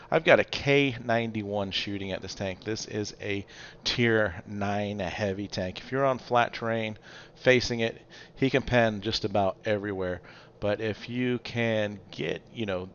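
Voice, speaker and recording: A man giving a relaxed, chatty game review with lots of fillers and little chuckles. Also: lowish voice, lo-fi sound, a little hiss or hum. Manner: chatty, loose, many fillers, chuckles often. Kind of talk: casual gameplay commentary.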